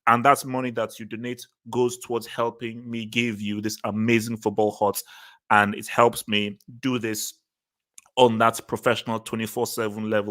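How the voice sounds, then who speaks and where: A man's voice: lowish voice, sharp tone. A man hosting a casual football livestream, talking loosely with repeated phrases and easy laughs. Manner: loose, repetitive, laughing easily. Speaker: host.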